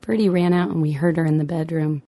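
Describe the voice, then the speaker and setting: A woman's voice: deep voice, fairly even intonation, fast talker, warm tone. A middle-aged woman, a mother, reading her memoir aloud with dry, wry humor.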